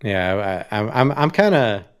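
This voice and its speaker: Smooth, low-voiced man, laid-back podcast chat. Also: sing-song, moderate pace. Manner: laid-back, swears freely, laughs often. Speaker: podcast co-host. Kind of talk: casual chat.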